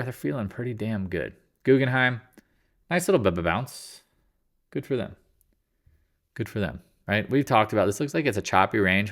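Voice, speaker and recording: A man giving a casual, jokey daily stock market recap, full of slang and quick asides. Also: mid-range voice, a bit bright. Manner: loose, jokey, slangy, tosses in silly voices; talks in quick asides and restarts. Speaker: market commentator.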